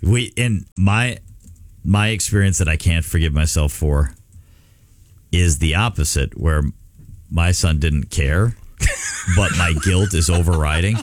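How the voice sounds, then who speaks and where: A man's voice: low voice, unhurried, pauses often, no room sound, clean studio sound. A man co-hosting a radio show, telling a story in earnest, self-reproaching casual chat. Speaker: radio co-host.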